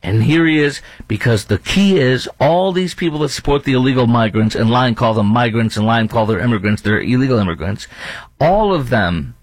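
A man's voice: medium pitch, no echo, rough recording. A man hosting talk radio, delivering an indignant, ranting monologue with lots of repetition and fillers.

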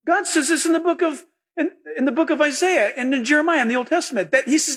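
A man preaching a sermon as a pastor, animated and acting out the voices of the people he quotes. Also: very high-pitched, fast.

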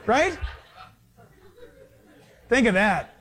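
Animated high-voiced male pastor preaching. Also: drawn-out words. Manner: animated preaching with acted-out dialogue. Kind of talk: sermon.

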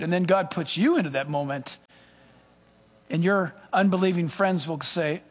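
With a high male voice and a slightly rough texture, a pastor preaches at a moderate pace. He moves dramatically from loud, emphatic lines to hushed ones, and the long reverberation suggests a large sanctuary.

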